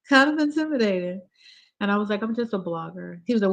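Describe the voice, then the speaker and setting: A soft-spoken woman hosting a live stream, chatting casually and close to tears. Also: medium pitch, animated, fairly quick, creaky, muffled recording. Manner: emotional, on the verge of tears.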